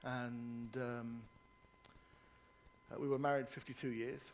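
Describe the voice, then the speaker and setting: A man's voice: medium pitch, flat delivery, slow pace, muffled recording, slight background noise. A man performing stand-up comedy in a ship's theatre, telling jokes, doing characters' voices and joking with the audience.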